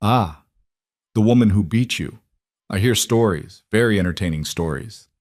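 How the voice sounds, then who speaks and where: A man's voice: lowish voice, moderate pace, a little mellow, no echo, clean studio sound, close to an everyday voice. A man voicing a cold, menacing Russian crime boss in an audio story, with clipped, broken-English threats.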